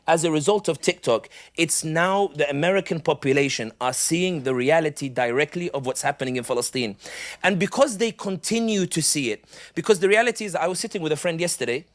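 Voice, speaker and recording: A middle-aged man delivers a live speech in a fairly high voice. He tells stories animatedly and slips in comic asides. He speaks as a public speaker addressing an audience. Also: expressive, a little fast. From United Kingdom.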